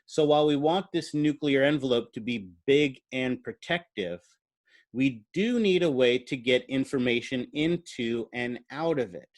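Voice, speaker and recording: A man's voice: medium pitch, a little slow, no echo. Man lecturing on biology, dry sound. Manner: explains step by step while drawing on slides, thinks aloud; informal and playful, asks the class questions. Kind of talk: recorded college lecture.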